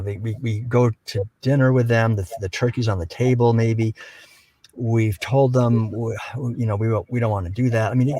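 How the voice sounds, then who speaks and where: An older man speaking as a guest in a reflective conversation, gentle and unhurried, telling stories with frequent restarts. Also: lowish voice, no echo, low-quality recording.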